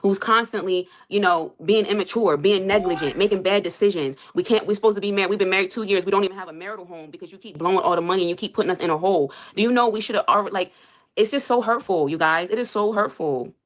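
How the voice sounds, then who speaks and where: A woman's voice: medium pitch, fast talker. A young woman on a live stream, venting about her marriage in an exasperated, emphatic way and repeating her points. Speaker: livestreamer reacting to super chats. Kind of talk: heated live-stream rant.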